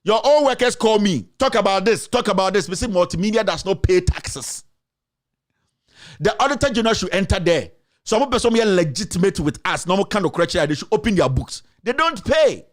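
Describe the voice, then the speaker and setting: A man's voice: high-pitched, expressive, a little fast. A man with a Ghanaian accent delivering a heated political rant, repeating his accusations with emphasis. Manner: mixes in another language. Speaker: commentator.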